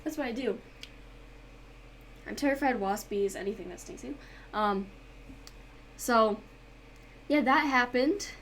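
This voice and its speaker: A woman's voice: fairly high pitch, measured pace, long pauses. A young woman chatting casually while she draws on a stream, reading chat aloud and telling stories with sudden dramatic outbursts. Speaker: art and gaming YouTuber. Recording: faint background noise.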